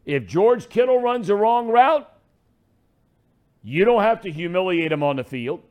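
Middle-aged guy hosting sports radio, kinda high voice swinging all over, ranty and fired up. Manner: animated, ranting, fired up.

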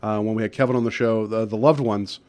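A man's voice: lowish voice, steady tone, quick pace, a little mellow, no echo. A man co-hosting a podcast in casual chat, rambling and upbeat with lots of fillers. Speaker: podcast co-host.

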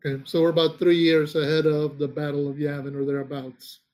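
A man's voice: on the high side, flat delivery, a little fast, darkish tone. A man co-hosting a casual podcast chat, rambling with restarts and searching for names as he talks. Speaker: podcast co-host.

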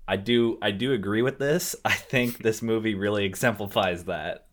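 A man's voice: on the low side, normal speed. A man co-hosting a movie podcast in casual, rambling chat, swearing now and then. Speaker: podcast co-host.

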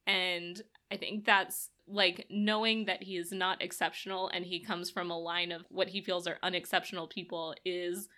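Bright-voiced woman co-hosting a chat. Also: fairly low pitch, level tone, normal speed, hardly any pauses. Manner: thoughtful, conversational, laughs easily. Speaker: podcast co-host. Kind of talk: casual chat.

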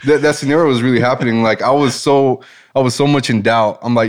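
A man guest telling a personal story in a casual interview, animated and enthusiastic, with a relaxed manner. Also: mid-range voice, normal speed, clear, resonant tone. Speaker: business owner and guest.

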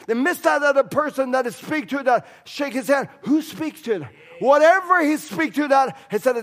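High-voiced fervent male preacher. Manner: fervent, repetitive preaching with broken English. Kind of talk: sermon.

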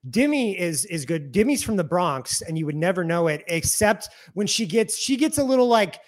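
A man's voice: high voice, sing-song, normal speed. A man from Missouri co-hosting an interview, asking playful, teasing questions. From Missouri, USA. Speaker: co-host. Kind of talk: casual interview chat.

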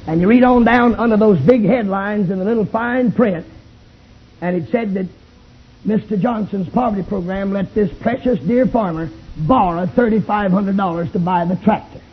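A Baptist preacher, shouting a fiery revival sermon in a tent and calling for amens. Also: male voice, sits high, normal speed, husky. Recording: tinny lo-fi old tape recording.

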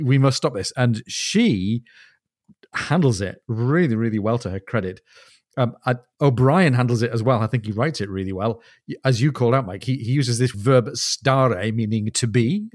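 A man's voice: mid-range voice, darkish tone, no room sound, studio quality. A man co-hosting a podcast, chatting eagerly about a novel and reading passages aloud. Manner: enthusiastic, reads quoted passages aloud with laughs. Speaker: podcast co-host. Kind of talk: casual book discussion.

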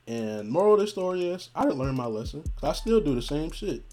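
A man's voice: a little high, big pitch swings, quick pace, warm tone, faint music behind. A man telling a personal story in a casual monologue, joking and swearing and often laughing as he acts out what was said.

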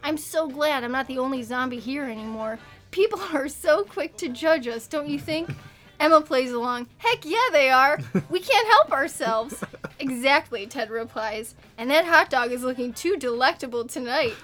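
Her voice is high and fairly bright, and she speaks at a normal speed. She's a podcast co-host reading a funny story to friends, slipping into little character voices for the quotes and laughing frequently.

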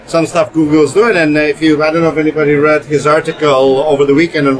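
A man's voice: a little high, flat delivery, fast talker, few pauses, rough recording. A man co-hosting a casual podcast chat from a booth at a conference, talkative and repeating words as he gets going. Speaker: podcast co-host.

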